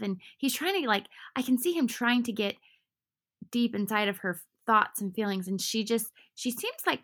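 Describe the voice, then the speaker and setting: A woman's voice: mid-range voice, vocal fry, a bit bright. A woman chatting casually and animatedly, full of fillers, recapping episodes with a co-host. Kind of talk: casual chat recapping a dating show.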